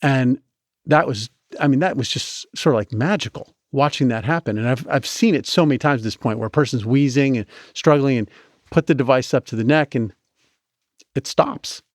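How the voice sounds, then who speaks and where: A man being interviewed on a podcast, telling stories in an animated, chatty way with many restarts. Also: mid-range voice, normal speed, no room sound, clean studio sound. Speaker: guest, medical device inventor.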